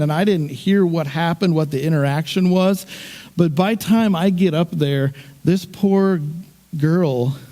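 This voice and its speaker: High-voiced middle-aged man preaching. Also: dark tone. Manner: conversational, self-deprecating, many restarts. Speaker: pastor. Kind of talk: storytelling sermon.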